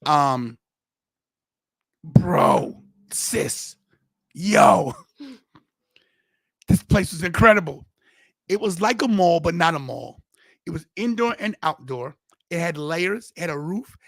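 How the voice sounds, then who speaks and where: A male podcast host tells a story in loose, rambling casual chat, circling back and restarting his sentences. His voice sits a little high for a man and has a gravelly edge. The sound is close and dry. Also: lively intonation, takes it slowly, long pauses, fairly bright tone, dry recording.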